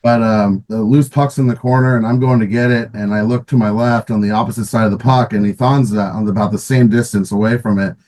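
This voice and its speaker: A middle-aged man with a somewhat low voice reminisces in a loose, rambling way. He restarts his sentences, fills gaps with ums and you-knows, and chuckles as he goes. It is a relaxed interview with a former player. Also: fairly quick, hardly any pauses, low-quality recording. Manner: rambling, many restarts and fillers, laughs often. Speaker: guest, former pro roller hockey player. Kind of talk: casual interview storytelling.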